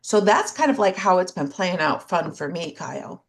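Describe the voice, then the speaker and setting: A woman with a lowish, slightly gravelly voice that swings widely in pitch. She co-hosts a casual conversation and talks candidly, with self-deprecating humor and a dry, sarcastic edge. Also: very animated, moderate pace. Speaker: podcast co-host. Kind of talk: casual chat.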